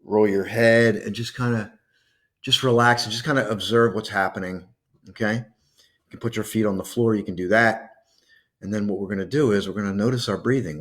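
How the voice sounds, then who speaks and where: A man hosting a video, guiding listeners through a calming breathing exercise in a gentle, coaxing way with soft pauses. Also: lowish voice. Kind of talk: guided breathing meditation.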